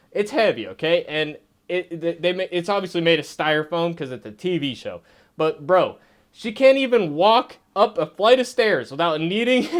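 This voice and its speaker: A man's voice: high voice, clean tone. A man reviewing a TV episode in a casual vlog, sarcastic and profane, laughing as he rants. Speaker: TV show reviewer.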